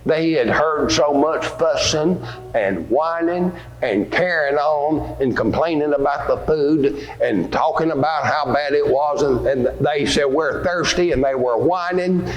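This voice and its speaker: In a church hall, a man with a slightly high voice teaches children a Bible lesson at a measured pace, asking them questions and acting out scenes from scripture. The room is echoey, with faint ambience.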